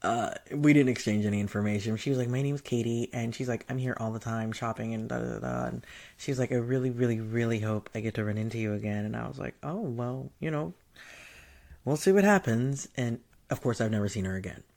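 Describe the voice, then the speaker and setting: A man recounts a personal anecdote in a loose, chatty way. He acts out the other people's lines, laughs often and swears freely. His voice sits at an ordinary middle pitch. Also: a little fast, vocal fry. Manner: animated, laughing, swearing, acting out quoted voices. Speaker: storyteller. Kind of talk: casual anecdote.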